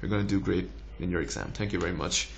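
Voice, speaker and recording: A young man in his twenties with a slight American tinge, a doctor giving relaxed, encouraging exam tips in a casual vlog. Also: fast, vocal fry, slight background noise. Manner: relaxed, encouraging, with lively rises in pitch.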